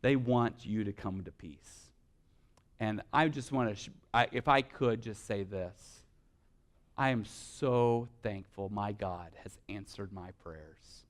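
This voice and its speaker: A man preaching a sermon, building from quiet, soft-spoken stretches to loud, passionate exhortation. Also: on the low side, takes it slowly. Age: adult with children. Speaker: pastor.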